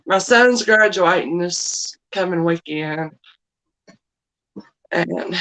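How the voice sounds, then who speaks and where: A woman's voice: medium pitch, unhurried, pauses often, a little hiss or hum, low-quality recording. A middle-aged woman hosting a casual live chat, emotional and apologetic, rambling as she talks. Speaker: live stream host.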